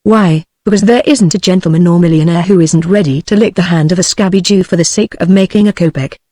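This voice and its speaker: A British-accented text-to-speech woman's voice reading the lines of a bitter, sarcastic poor man in a storybook, in the same even manner as the narration. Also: fairly low pitch, fast, dry recording, clean studio sound, close to an everyday voice. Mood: scornful. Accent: British English. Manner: flat synthetic reading.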